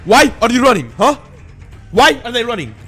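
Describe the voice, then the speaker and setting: A young man, riffing loudly over a game while faint game music plays behind him. His pitch jumps all over the place as he taunts and yelps at the players. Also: big pitch swings, normal speed, slightly rough. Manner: loud, taunting trash talk with sudden yelps. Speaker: gaming streamer. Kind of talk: excited gameplay commentary.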